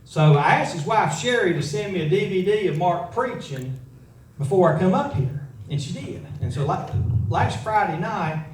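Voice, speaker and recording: A man's voice: sits high, animated, moderate pace, far from the mic, slight background noise. An older man, telling homespun stories to a live audience as a guest entertainer. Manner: folksy, homespun storytelling. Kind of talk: folksy stage talk to a live audience. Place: large room with an audience. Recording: echoey room, voice heard from afar.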